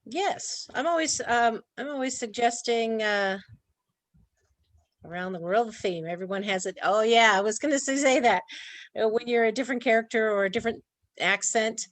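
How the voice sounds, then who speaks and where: A woman's voice: on the high side, moderate pace, no echo. A woman presenting an online training talk in a chatty way, laughing often. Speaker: workshop presenter.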